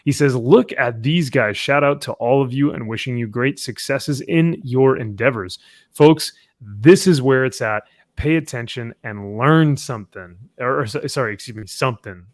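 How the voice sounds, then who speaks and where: A man's voice: medium pitch, normal speed, no echo, clean studio sound. A man hosting an online panel chat, joking around and reading out viewer messages. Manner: jokey, reads out viewer messages. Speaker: host.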